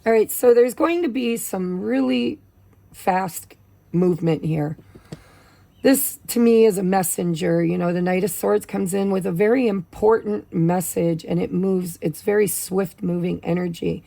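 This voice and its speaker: Gravelly woman reading tarot. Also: medium pitch, measured pace, mellow. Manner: chatty, with many fillers. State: losing her voice from allergies. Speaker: tarot reader.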